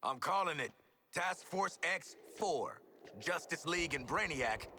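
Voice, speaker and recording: A man's voice: fairly high pitch, animated, unhurried, sharp tone, a little hiss or hum. An actor playing a laid-back hitman who trades dry quips. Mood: cocky. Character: cool, wisecracking hitman. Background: game music.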